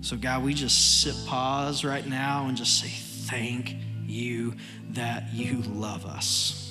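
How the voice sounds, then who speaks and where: Man praying gently over church music. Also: mid-range voice, flat delivery, slow pace. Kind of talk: closing prayer. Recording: reverberant church hall with music.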